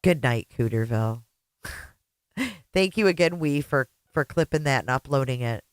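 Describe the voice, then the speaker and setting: A woman hosts a casual livestream and chats with her viewers in a joking, teasing way. Her voice is smooth and clear. The sound is dry and close to the mic. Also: very deep voice, measured pace, no room sound. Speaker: host.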